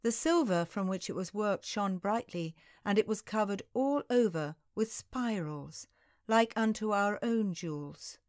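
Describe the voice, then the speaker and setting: A woman narrating a historical novel in the first person, in a slow, unhurried audiobook reading. Her voice sits mid-range and is recorded dry and close, with no room sound. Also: mid-range voice, expressive, darkish tone, dry recording. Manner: slow, measured storytelling.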